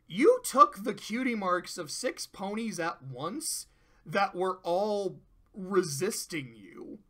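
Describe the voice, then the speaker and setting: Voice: medium pitch, slow pace. A cartoon reviewer in casual commentary, rambling and swearing freely while retelling an episode. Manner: profane, rambling, animated.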